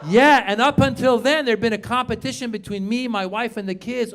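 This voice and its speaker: A middle-aged man from Iran performing a stand-up routine, telling stories with animated delivery and sudden shouted punchlines. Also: very high-pitched, fairly quick. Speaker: stand-up comedian.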